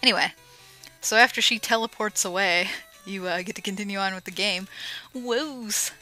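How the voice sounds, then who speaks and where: A woman giving casual, joking commentary over a retro game she is playing, with sarcastic asides and excited yelps. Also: medium pitch, fairly quick, soft background music, poor audio. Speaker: let's play commentator. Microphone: home microphone.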